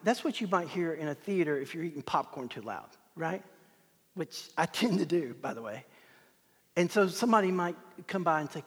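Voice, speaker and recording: A man preaching a sermon as pastor, swinging from loud proclamation to hushed whispers. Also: high voice, animated, a little fast, breathy edge. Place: church sanctuary. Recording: long hall reverb.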